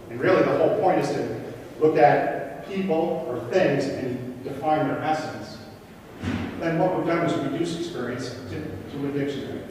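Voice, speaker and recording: A man's voice: mid-range voice, distant mic, a little hiss or hum. Man presenting in an echoey hall. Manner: questions the audience, rhetorical and animated. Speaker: conference speaker. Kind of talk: interactive conference presentation. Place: conference hall. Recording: echoey hall, recorded from afar.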